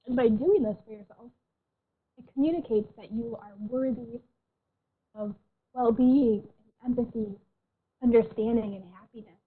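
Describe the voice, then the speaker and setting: A woman counselor giving an online workshop in a gentle, reassuring way, often clearing a tickle from her throat. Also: on the high side, normal speed, pauses often. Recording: tinny phone-like audio.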